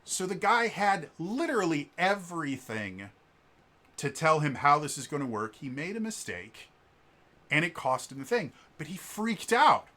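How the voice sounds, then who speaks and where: Here the vlog host's voice sits on the high side and goes sing-song, bright and forceful, at a measured pace. He rambles through a long, casual story with plenty of fillers and restarts, voicing the people in it.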